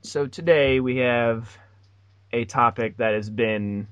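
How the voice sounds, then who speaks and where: A man's voice: mid-range voice, slow, clean tone, no room sound, dull audio. A young man in his twenties hosts a podcast and chats casually. He tells long, rambling stories with dry sarcasm, in a mid-range voice. The recording is dry and close. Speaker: podcast host. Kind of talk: casual chat.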